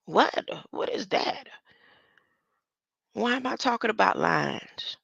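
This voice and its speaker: A woman's voice: mid-range voice, takes it slowly, vocal fry, pauses often, a bit bright, no echo, highs cut off. An older woman musing aloud in a casual solo stream about word meanings, rambling and laughing often. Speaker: online streamer.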